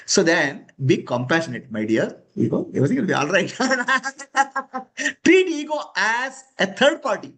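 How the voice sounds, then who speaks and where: A man's voice: high-pitched, very animated, a little slow, fairly bright tone. A man giving a spiritual discourse to students, emphatic and questioning, chuckling often. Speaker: spiritual teacher.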